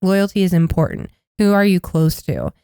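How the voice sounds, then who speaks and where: Woman co-host, casual chat, smooth voice, acts out quotes, dry recording. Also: lowish voice, normal speed, no room sound. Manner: animated storytelling, acts out quotes. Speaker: podcast co-host.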